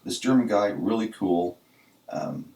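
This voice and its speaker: A man's voice: low-pitched, lively intonation, unhurried, gravelly, darkish tone. A man co-hosting a casual podcast, telling a story in an easygoing way. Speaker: podcast co-host. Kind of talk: casual chat. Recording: echoey room, distant from the mic.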